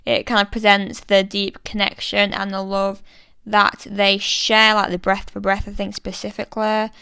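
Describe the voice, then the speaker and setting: A woman's voice: medium pitch, monotone, normal speed, gravelly, sharp tone, clear, resonant tone, no echo, poor audio. A British woman giving a casual, thoughtful analysis of a poem, chatty and full of fillers. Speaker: literature explainer.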